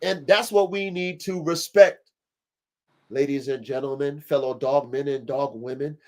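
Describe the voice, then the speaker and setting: A man's voice: medium pitch, fairly even intonation, unhurried, darkish tone. A man hosting a livestream podcast, talking with preachy, emphatic conviction and lots of swearing. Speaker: podcast host and dog breeder. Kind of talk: impassioned livestream podcast talk.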